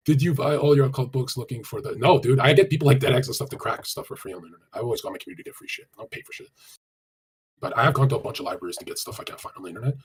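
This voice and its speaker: A man's voice: medium pitch, slight background noise. A man giving casual dating advice on a live stream, blunt and crude, swearing often and rattling on with many fillers as he answers chat. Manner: rapid, run-on delivery with many fillers.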